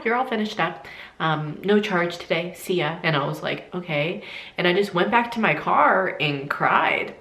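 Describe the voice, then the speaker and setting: Low-voiced woman telling a storytime vlog. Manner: animated, laughs often while telling story. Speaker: vlogger. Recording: echoey room.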